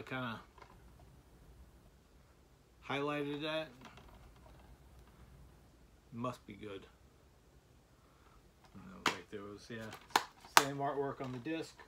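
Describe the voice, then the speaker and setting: A man showing the movies he bought in a casual vlog, talking in halting bursts full of "uh" fillers and restarts. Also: mid-range voice, fairly bright tone, slight background noise. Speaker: collector showing his movie purchases.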